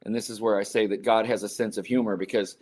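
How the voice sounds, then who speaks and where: A man in his sixties, a podcast guest telling personal stories in an interview and acting out the quoted lines with lively energy. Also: on the low side, fast. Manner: animated storyteller acting out quotes. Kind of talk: storytelling interview.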